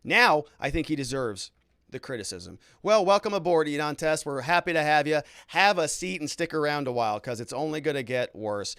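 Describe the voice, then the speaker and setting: A middle-aged man hosting a casual legal livestream, reading viewer comments aloud and reacting with quick, chatty asides. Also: on the high side, a bit bright, dry recording, clean studio sound. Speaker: lawyer host reading live chat comments.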